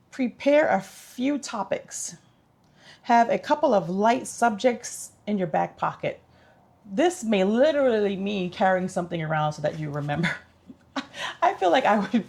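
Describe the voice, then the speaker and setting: Woman, vlogger, upbeat, instructive, gravelly, animated pitch. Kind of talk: casual tips chat.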